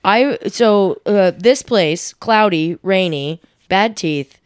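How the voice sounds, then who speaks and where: A woman's voice: mid-range voice, slow, clear, resonant tone, no echo, clean studio sound. A young woman co-hosting a podcast in easygoing, teasing casual chat. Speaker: podcast co-host.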